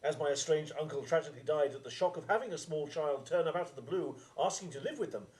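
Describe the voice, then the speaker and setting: A man acting a deadpan male assistant with a convoluted backstory in a live stage comedy sketch. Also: fairly high pitch, fast talker, close to an everyday voice. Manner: deadpan, matter-of-fact replies.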